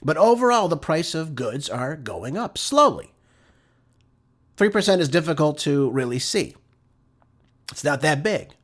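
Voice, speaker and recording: A man hosts a political commentary show, talking emphatically and firing off rhetorical questions. His pitch swings widely and sits a little high, and he sounds heated. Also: very animated, a little slow, long pauses.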